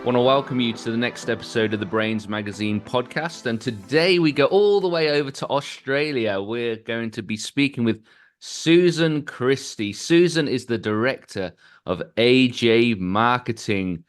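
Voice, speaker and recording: A man in his forties hosts a podcast interview, joking with his guest as he leads the talk. His voice sits at a middle pitch, and his manner is light and bantering. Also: moderate pace, faint music behind. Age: 40s. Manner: jokey, friendly banter. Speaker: podcast host. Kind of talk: casual interview.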